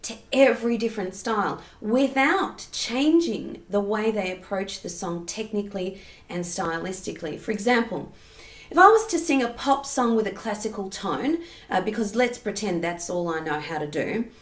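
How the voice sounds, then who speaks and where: A woman singing teacher explaining vocal technique patiently and clearly, often checking in with the listener. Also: mid-range voice, lively intonation, moderate pace. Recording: roomy echo.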